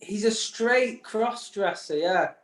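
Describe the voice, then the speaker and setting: A man's voice: high voice, slow pace, fairly bright tone. A man co-hosting a casual podcast chat, rambling through stories with frequent laughs and restarts. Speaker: podcast co-host. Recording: echoey room.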